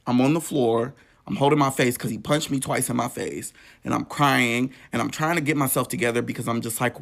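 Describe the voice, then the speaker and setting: A man telling a painful personal story in an emotional, profane, animated way. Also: medium pitch, fairly quick, vocal fry. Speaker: storytelling vlogger.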